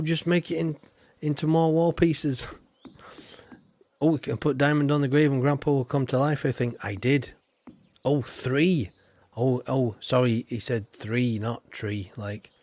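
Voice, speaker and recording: A man's voice: mid-range voice, darkish tone. A man streaming a farming game live, chatting casually and answering viewer comments as he plays.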